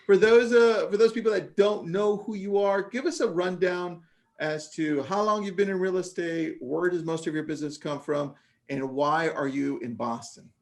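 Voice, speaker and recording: A man's voice: sits high, moderate pace, a little mellow. Upbeat male livestream host. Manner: upbeat, enthusiastic, says "dude". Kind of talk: casual livestream interview.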